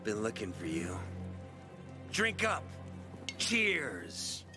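A man's voice: fairly low pitch, wildly swooping pitch, drawn-out words, exaggerated voice. An actor playing a rowdy, drunk male brawler in a video game, boozy and profane. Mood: drunken. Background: game music.

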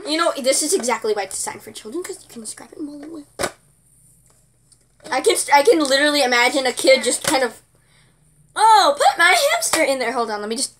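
A woman's voice: high voice, fast, background noise. A woman reviewing a product in casual chat, sarcastic and giggly, often exasperated.

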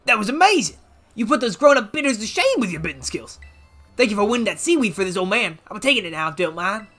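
A rowdy old man of a gym leader bellows his lines in a thick Southern drawl, voiced by a gamer reading a video game aloud. The pitch leaps all over the place and the tone is bright and sharp. Faint game music plays underneath. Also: sing-song, fast. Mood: boisterous. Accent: American Southern (put on). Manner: boisterous, drawling, exclamatory.

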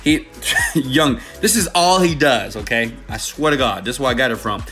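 A man giving an energetic sales-pitch monologue to viewers. He is pushy and emphatic, repeats punchy phrases, and keeps checking in with "okay?" and "right?". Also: normal speed, faint music behind. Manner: repetitive, punchy hype phrasing. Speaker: online money-making presenter.

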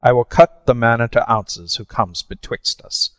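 A man voicing a menacing, gloating pirate captain in a story reading, with rough old-sea speech. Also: mid-range voice, moderate pace, dry recording, in a large hall, close to an everyday voice.

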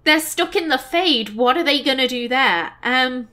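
A woman commentates casually on a let's play, chatting and thinking aloud about her choices. Her voice is high and bright, and she talks at a relaxed, unhurried pace.

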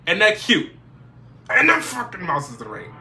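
A young man reacts at home, talking in a playful, lively way, his pitch bouncing all over as he laughs and riffs in slang. A song plays loudly behind him. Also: moderate pace. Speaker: reaction video host. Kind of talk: casual reaction commentary. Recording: music playing loudly behind. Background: music video audio.

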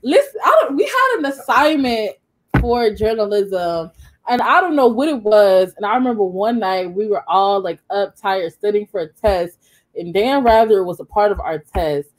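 Young woman, moderator, bubbly, slangy, mid pitch, video call. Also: normal speed. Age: young adult. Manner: bubbly, youthful slang, animated storytelling. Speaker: session moderator. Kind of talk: casual virtual talk.

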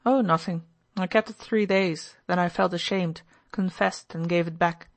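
A woman's voice: fairly low pitch, fairly even intonation, moderate pace, natural voice. A woman reading the part of a sober young man who speaks bluntly and irritably. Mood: plain.

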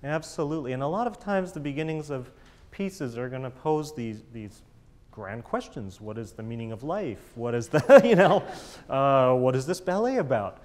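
A man's voice: medium pitch, expressive, moderate pace, a little mellow. A man coaching a chamber ensemble in a master class, encouraging and enthusiastic, singing out rhythms with syllables.

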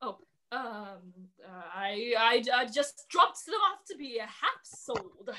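A sly, whining male dragon from a school stage play, played by a young woman. The voice sits high and swings up and down theatrically. He stammers his excuses in a stagey, pleading way. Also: sing-song, slow, bright, forceful tone, full character voice. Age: young adult. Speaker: student actor.

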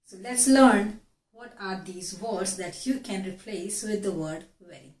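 A woman with an Indian English accent teaching an English vocabulary lesson, explaining slowly and repeating key words. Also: mid-range voice, a little mellow. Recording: echoey room.

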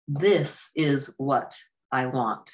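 A woman doing a resentful, greedy young man in a spoken storybook, snapping and sour. The voice is pushed up and louder than the narration around it. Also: rumbling low, drawn-out words, full character voice. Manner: sharp and resentful.

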